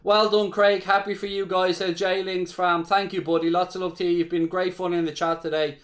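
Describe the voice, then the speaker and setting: A man's voice: high-pitched, level tone, a little fast, a bit bright. A man with an Irish accent hosting a live football watchalong, calling the play as a fan, swearing freely and chatting with viewers. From Ireland. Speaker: watchalong host.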